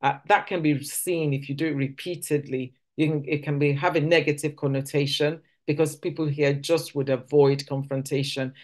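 A woman's voice: low-pitched, fairly even intonation, moderate pace, hardly any pauses, a little mellow. A woman from Nigeria, giving a conversational teaching talk at a church service, often restarting sentences and acting out quoted speech. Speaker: church speaker.

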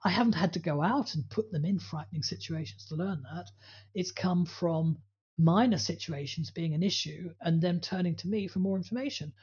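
Husky low-voiced woman telling stories. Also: normal speed, a little mellow, muffled recording. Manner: storytelling, acts out voices in anecdotes. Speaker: dog trainer and podcast co-host. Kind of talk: casual podcast conversation.

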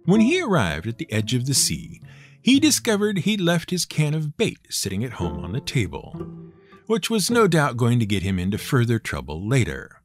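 Brief: male folktale narrator, wry and expressive, mid pitch, plucked guitar bed. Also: moderate pace. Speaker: storyteller host. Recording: guitar music playing beneath. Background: guitar music.

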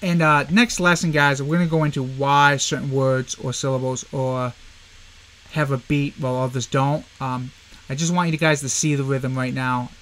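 A man giving a casual online poetry lesson, talking informally with many fillers and slowing down to read verse aloud and mark its beat. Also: mid-range voice, steady tone, fairly bright tone. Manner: chatty, many fillers and "guys", reads verse slowly to stress the beat. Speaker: poetry teacher.

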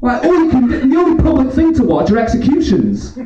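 Over music and crowd laughter, a drunk man from England does a rambling stand-up routine, laughing and swearing constantly. His voice is extremely high with huge pitch swings, he talks fast, and he's captured from afar in a roomy, dull-sounding club.

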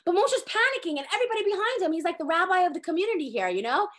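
High-voiced, animated woman teaching. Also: rapid-fire. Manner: animated storyteller, acts out quoted voices. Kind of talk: Torah lesson to a group.

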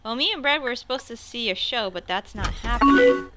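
A woman reading out the chat messages of a young female high school friend, over game music and keyboard typing. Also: sing-song, fairly quick. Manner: reads chat messages aloud.

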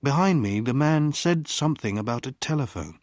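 Audiobook narration, slow clear pacing, lively pitch, dry studio sound. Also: no echo. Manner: slow, clearly paced storytelling. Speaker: audiobook reader. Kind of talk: scripted narration of a graded reader.

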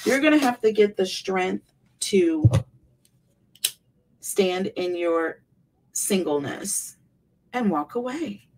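A woman's voice: medium pitch, expressive, slow, pauses often, darkish tone, recorded from a distance, low-quality recording. A woman giving an emphatic tarot reading to her viewers, repeating words for effect. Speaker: tarot reader.

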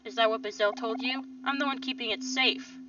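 A woman's voice: fairly high pitch, steady tone, pushed and bright, a little hiss or hum. A woman reading a cold, bitter teen girl. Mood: scornful. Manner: dismissive, scornful, measured. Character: bitter, cold teenage girl, former friend. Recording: slightly distant, dull lo-fi mic.

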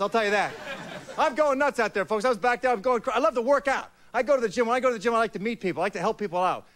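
A man from Florida doing a stand-up comedy set in a hyper, loud, pumped-up manner. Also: very high-pitched. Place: TV studio stage. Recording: TV studio with audience laughter, VHS tape hiss.

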